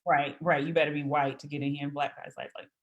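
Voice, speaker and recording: A deep-voiced woman talks fast as a podcast guest, telling casual, animated stories in which she acts out the quoted voices. The recording has its highs cut off.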